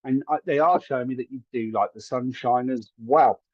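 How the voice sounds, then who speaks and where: A man's voice: mid-range voice, moderate pace, no echo, muffled recording. A man giving live psychic readings to viewers from a room at home, chatty and hedging, often checking whether his words make sense. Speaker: psychic medium.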